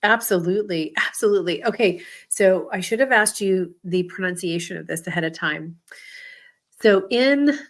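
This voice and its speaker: Female co-host, mid-pitched, encouraging, quick to agree. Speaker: interviewer host. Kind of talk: friendly interview chat.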